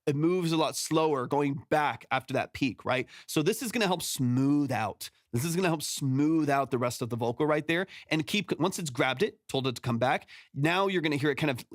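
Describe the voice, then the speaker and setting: A male music producer from San Antonio, Texas rambles through mix feedback on a livestream from his home studio, correcting himself and often tacking on "right?" His voice is a little high, at a moderate pace with few pauses, close to a compressed studio mic with no echo.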